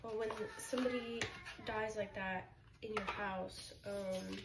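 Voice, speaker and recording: Woman, average pitch with a fry, for a subdued, halting storytime. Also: fairly even intonation, reverberant, very noisy. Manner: subdued, halting, with frequent ums. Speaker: widowed mother. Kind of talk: casual storytime.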